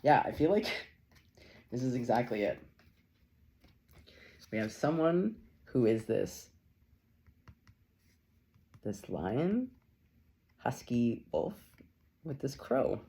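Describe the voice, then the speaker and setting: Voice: medium pitch, sing-song, slow, pauses often, mellow. A tarot reader giving a casual channeled reading, effusive and loose, swearing freely and laughing often.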